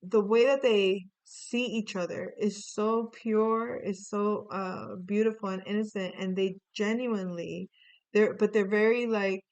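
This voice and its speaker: A woman giving a loose, chatty tarot reading with a smooth, clean voice at a middle pitch. She wanders through fillers and restarts and drops the odd swear word. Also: fairly even intonation, measured pace, darkish tone. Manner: rambling, many fillers and restarts, swearing, laughs often. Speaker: tarot reader. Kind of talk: casual spoken reading.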